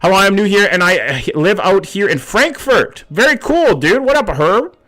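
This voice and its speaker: A man's voice: high voice, expressive, normal speed, a bit bright. A young man in his twenties from Canada, casually chatting with his livestream viewers, greeting them by name and swearing offhandedly. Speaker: streamer reading chat.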